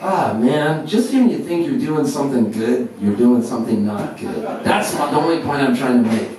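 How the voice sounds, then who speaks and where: Male folk singer, 50s, onstage storyteller, self-mocking and animated; very echoey, distant live recording. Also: medium pitch, moderate pace. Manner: animated, self-mocking, laughing at his own jokes. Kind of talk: onstage storytelling between songs. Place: live music venue. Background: guitar.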